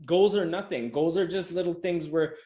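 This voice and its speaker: A man's voice: a little high, moderate pace, mellow. Emphatic man coaching over a video call. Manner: emphatic, repetitive, casual with swearing. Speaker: motivational coach presenting a session. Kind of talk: motivational talk on a video call. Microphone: video call microphone.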